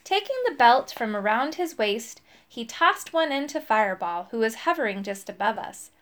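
A woman narrating a children's storybook in a clear, expressive read-aloud manner. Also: a little high, moderate pace. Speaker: storybook reader.

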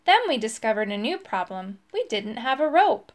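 A woman reading a children's adventure story aloud in a clear, expressive voice. Her tone sits a little high and keeps an even storytelling pace. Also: normal speed. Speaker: storybook reader.

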